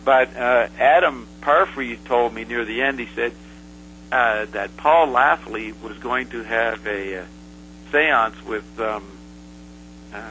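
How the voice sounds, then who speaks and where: Male guest, bright and forceful voice, rambling anecdote, lots of "uh", faint hum behind. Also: medium pitch, rough recording. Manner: rambling, halting, full of "uh" fillers and restarts. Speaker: interview guest. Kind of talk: casual storytelling.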